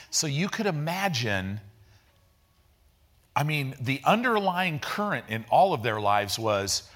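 A pastor delivering a sermon in an easygoing, chatty manner, mixing slang into his teaching. He often slows down to stress a point, then speeds into excited bursts. His voice sits at an ordinary middle pitch for a man. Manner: conversational preaching with slang and vivid retellings.

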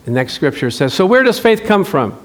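A man preaching a sermon, animated, asking the congregation questions and acting out little dialogues. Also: on the high side, brisk.

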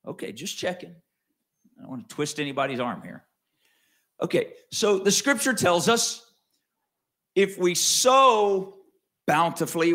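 Preacher with lively, swinging delivery. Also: male voice. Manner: conversational with wide swings in pitch and loudness, slows to stress key words. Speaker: pastor. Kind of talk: sermon.

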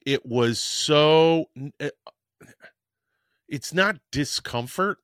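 A man's voice: a little high, drawn-out words, a bit bright, dry recording, clean studio sound. A man hosting a podcast, telling a personal story in a frank, rambling way and swearing casually. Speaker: podcast host.

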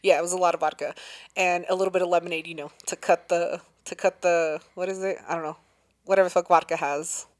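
A young adult woman co-hosting a casual chat, an animated storyteller who swears freely and acts out quotes. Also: lowish voice, quick pace.

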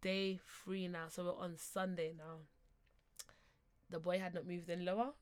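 A woman's voice: fairly low pitch, little pitch movement, normal speed. A young woman, co-hosting a podcast and animatedly telling a personal story, acting out what people said and laughing often. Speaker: podcast co-host.

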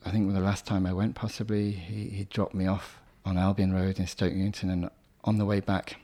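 A young adult man, a poet, answering interview questions in a soft-spoken, hesitant way with frequent restarts. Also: deep voice, level tone, a little fast. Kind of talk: reflective conversational interview.

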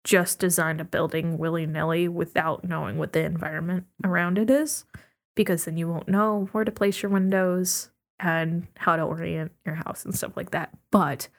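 A woman's voice: fairly low pitch, fairly even intonation, moderate pace, vocal fry. A young woman, an architecture student, chatting casually as a podcast guest, talking freely and laughing often. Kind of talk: casual chat.

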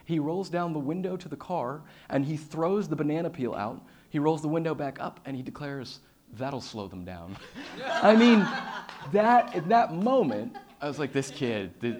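A man giving a personal storytelling talk on stage. He swings between loud, excited telling and hushed, quiet passages, with many fillers and repeated starts. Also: mid-range voice. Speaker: public speaker.

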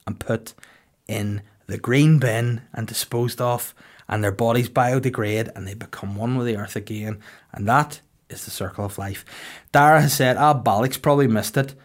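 A man in his thirties with a Northern Irish accent, hosting a podcast with crude, deadpan comic storytelling. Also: mid-range voice, moderate pace. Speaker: podcast host. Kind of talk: casual comedic podcast chat.

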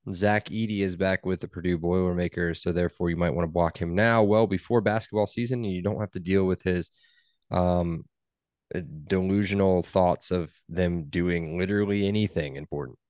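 Young male podcast host, low voice, dry close sound, wry and teasing. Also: fairly even intonation, moderate pace, darkish tone, smooth, no echo. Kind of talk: casual sports podcast chat.

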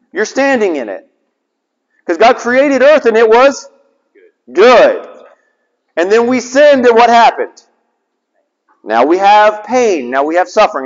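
A man preaching a sermon, putting rhetorical questions to his listeners and repeating phrases for emphasis. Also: high voice. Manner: repetition for emphasis. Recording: dull lo-fi sound with long reverb.

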